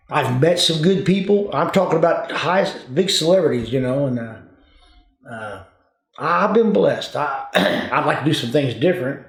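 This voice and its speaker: An older man, a retired police officer telling folksy stories in casual talk. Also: fairly high pitch. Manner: folksy, drawling, addresses listeners as folks. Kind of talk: casual storytelling. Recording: echoey room.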